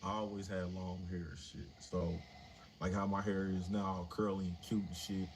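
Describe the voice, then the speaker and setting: A man's voice: low voice, little pitch movement, normal speed. A man in his forties telling a story casually and animatedly on a livestream, swearing freely. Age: 40s. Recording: noisy livestream audio.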